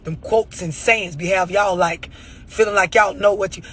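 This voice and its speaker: A man's voice: high voice, steady tone, normal speed, sharp tone, husky. A man giving a blunt, profane motivational rant about overreacting, full of rhetorical questions. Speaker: motivational speaker.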